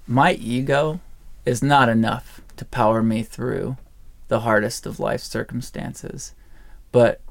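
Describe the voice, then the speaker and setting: Slow, gravelly-voiced podcast co-host man. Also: medium pitch. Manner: reflective, measured. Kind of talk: casual podcast chat.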